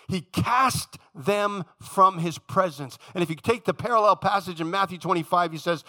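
A man preaching a sermon with passion, talking straight to his congregation and swinging from loud emphasis to hushed, low tones. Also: expressive, moderate pace. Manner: addresses congregation directly.

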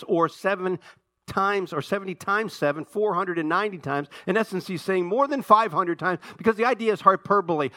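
High-voiced, bright preaching man. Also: normal speed. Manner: animated preaching, swings from hushed to emphatic. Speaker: pastor. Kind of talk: sermon.

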